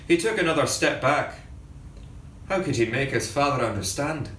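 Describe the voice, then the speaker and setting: A man, a ship captain, reading a story aloud in a measured storytelling manner, recorded from a distance in a reverberant room with faint background ambience. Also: medium pitch, animated, fairly bright tone, a little hiss or hum.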